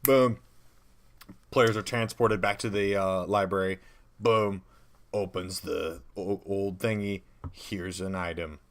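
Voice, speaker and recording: Lowish-voiced guy co-hosting, rambly and animated, laughs a lot. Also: slow pace. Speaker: podcast co-host. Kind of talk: casual brainstorming chat.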